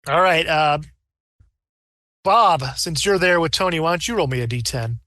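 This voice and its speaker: Bright-voiced man running a tabletop game. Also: a little high, moderate pace, no echo, studio quality. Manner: rambling, animated, breaks into character voices. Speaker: game master.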